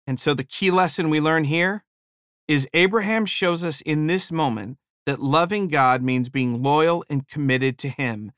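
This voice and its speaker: A man's voice: on the high side, a little slow, a bit bright, clear, resonant tone, no echo, clean studio sound. A man preaching a sermon, emphatic, building his points to rising peaks.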